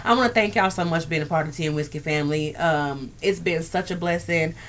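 A woman's voice: low-pitched, quick pace, a little hiss or hum. A woman hosting a casual live stream, talking candidly and earthily to her viewers. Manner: candid and earthy, swears, talks straight to viewers. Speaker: livestream host.

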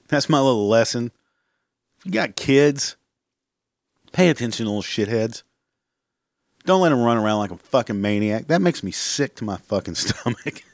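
A man's voice: mid-range voice, no echo, clean studio sound. Profane, blunt man ranting on a podcast. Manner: profane, blunt, laughs at his own jokes. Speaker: podcast host. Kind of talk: casual solo rant.

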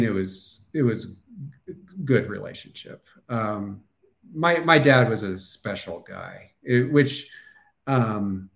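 A middle-aged man with a Midwestern American accent, talking casually as an interview guest, thoughtful and halting, with restarts and fillers. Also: on the low side, creaky. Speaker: podcast guest, former wrestler.

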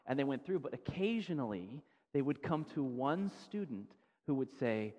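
A man preaching a sermon as a pastor, telling a story in a relaxed, conversational way and often repeating words as he goes. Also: mid-range voice, a little fast. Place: church sanctuary. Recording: long church-hall reverb.

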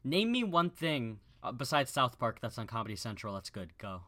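A young adult co-hosting a casual podcast with friends, bantering fast, swearing often and laughing. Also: medium pitch, very animated, crowd noise. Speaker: podcast co-host. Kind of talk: casual chat.

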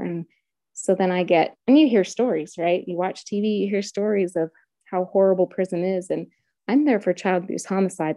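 Woman, middle-aged, earnest storyteller, low pitch, dry. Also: dark tone, dry recording. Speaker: interview guest. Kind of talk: personal testimony in a podcast interview.

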